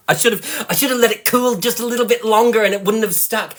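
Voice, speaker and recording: Excitable Australian man demonstrating cooking. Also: sits high, fast talker. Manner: excitable, chatty, giggly. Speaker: host, product seller.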